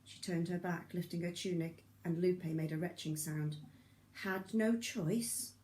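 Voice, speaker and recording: A woman narrating a novel in an audiobook reading, steady and measured. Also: fairly low pitch, echoey room, slight background noise. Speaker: audiobook reader.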